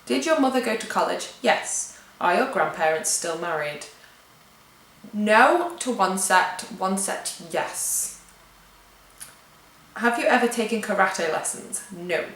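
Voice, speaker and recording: A young British-accented vlogger from England chats at home, reading out tag questions and tossing off offhand answers. Her medium-pitched voice is animated, slow, and fairly bright, caught in an echoey room on a rough recording.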